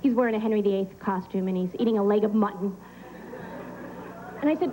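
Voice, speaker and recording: A woman performing a stand-up comedy set, delivering deadpan one-liners with pauses for laughs on a club stage. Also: medium pitch, slight background noise, rough recording. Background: audience laughter.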